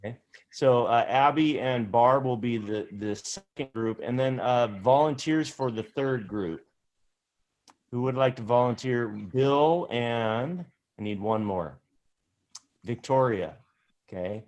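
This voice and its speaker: A man with a mid-pitched voice teaching an improv class over a video call. He is encouraging and organizes the groups in a hesitant way, full of fillers. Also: slow pace, a little mellow. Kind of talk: online class instruction.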